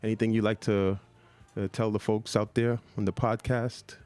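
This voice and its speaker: A man hosting a podcast interview, speaking in a halting way with many pauses and restarts. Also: on the low side, level tone, a little mellow, no echo. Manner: halting, full of fillers and restarts. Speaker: podcast host. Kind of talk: interview conversation.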